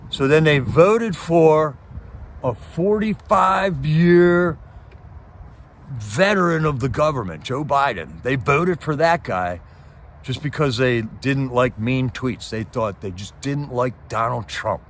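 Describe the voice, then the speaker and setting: A man's voice: mid-range voice, animated, slow. Male livestream host, casual impassioned ranter, mid-range voice, faint noise in the background. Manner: impassioned, rhetorical questions, frequent "man" and "okay". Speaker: livestream host reading chat. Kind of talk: casual political rant.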